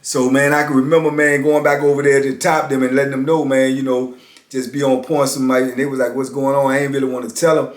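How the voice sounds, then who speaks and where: A man's voice: medium pitch, level tone, fast. Man telling prison stories in a roomy room. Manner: laid-back, conversational, heavy use of "man". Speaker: storyteller. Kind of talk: casual spoken storytelling. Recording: roomy echo.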